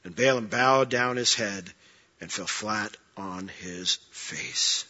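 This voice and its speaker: A man's voice: on the low side, slow, pushed and bright. A male pastor preaching a sermon in a conversational, joking way, acting out quotes from the story. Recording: dull sound with long hall reverb.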